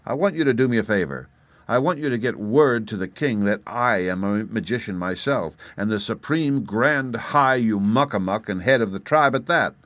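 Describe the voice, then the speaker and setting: Male first-person audiobook narrator, low voice, wry and expressive, dry studio sound. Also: moderate pace, dry recording. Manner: expressive, wry, animated in dialogue.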